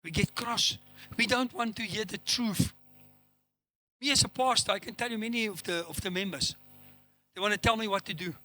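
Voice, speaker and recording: Bright-voiced male pastor preaching. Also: high-pitched, moderate pace, pauses often, soft background music. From South Africa. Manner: preaching with rising emphasis, acting out quoted dialogue. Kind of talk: sermon.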